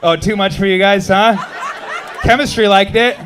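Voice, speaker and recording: A man doing a stand-up comedy set on a club stage, quick and sardonic, trading jabs with the audience. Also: high-pitched, steady tone, background noise. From United States. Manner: quick, sardonic, jumping between bits and audience banter.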